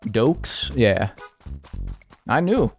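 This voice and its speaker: A man's voice: medium pitch, drawn-out words, creaky. A man chatting casually and profanely while streaming a video game, rambling through stories. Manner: rambling, profane, animated storytelling with mimicked voices. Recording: faint music behind.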